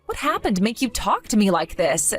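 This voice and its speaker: A woman voicing a trusting young woman who pleads with a friend and is bewildered by her cruelty, in an animated story. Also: mid-range voice, fairly quick, soft background music, close to an everyday voice. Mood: hurt. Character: earnest trusting young woman, easily hurt.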